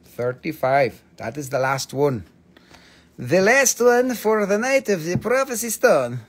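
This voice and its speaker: Excitable, higher-pitched man selling crystals. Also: unhurried. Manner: excitable, swearing, playful, non-native phrasing. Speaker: live sale host. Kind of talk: live-stream crystal sale.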